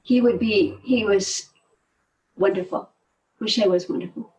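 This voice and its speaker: An older woman telling stories in a relaxed conversation, animated and laughing often, often trailing off mid-sentence. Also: mid-range voice, measured pace, far from the mic, poor audio. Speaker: guest, movement teacher. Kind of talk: conversational storytelling.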